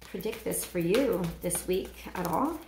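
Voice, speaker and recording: A woman doing a weekly tarot card reading, talking in a halting way and searching for her words. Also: lowish voice, lively intonation, a little mellow, reverberant, slight background noise. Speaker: tarot reader.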